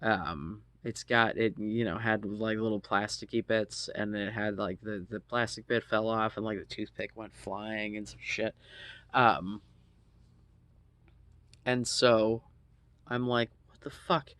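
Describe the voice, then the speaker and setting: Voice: mid-range voice, steady tone, takes it slowly, fairly bright tone, clear, resonant tone, no echo. An adult in their thirties casually telling a personal story, rambling with lots of ums and asides and swearing freely.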